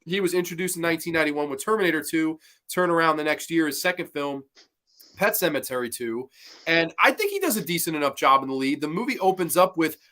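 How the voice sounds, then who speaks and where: A man hosts a casual horror podcast with a high, ringing voice. He talks in an animated way, swears freely, and laughs as he retells scenes. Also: fast talker. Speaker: podcast host. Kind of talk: casual horror movie review chat.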